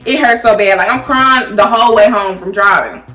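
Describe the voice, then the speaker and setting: A young woman tells a personal story to camera in a chatty, animated way, full of "like" and "y'all". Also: mid-range voice, normal speed. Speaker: vlogger. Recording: echoey room with faint music.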